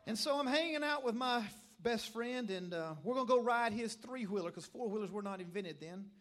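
A man's voice: very high-pitched, expressive, fairly quick. A middle-aged man with a Tennessee accent, preaching a revival sermon in a church and telling stories emphatically. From Middle Tennessee, USA. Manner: emphatic, storytelling preacher who builds to shouted calls. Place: church service.

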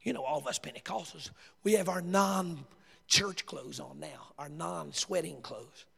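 A man with a Southern US accent preaching a sermon, telling stories with laughter and rising to shouts. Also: on the high side, unhurried, vocal fry, breathy edge. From American South. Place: church sanctuary. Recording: long hall reverb.

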